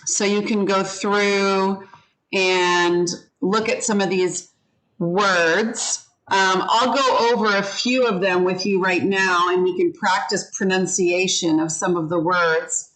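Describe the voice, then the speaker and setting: Slow, patient woman teaching vocabulary. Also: medium pitch, fairly even intonation, a bit bright, low-quality recording. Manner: slow, patient, leads the class in repeating words. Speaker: ESL teacher. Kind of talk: online vocabulary lesson.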